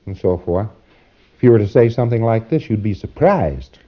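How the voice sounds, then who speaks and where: A man's voice: on the low side, animated. A man giving a lecture to trainees, folksy and wry, acting out short exchanges as he talks. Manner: folksy, wry, acts out exchanges in quick asides. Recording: dull lo-fi old tape recording.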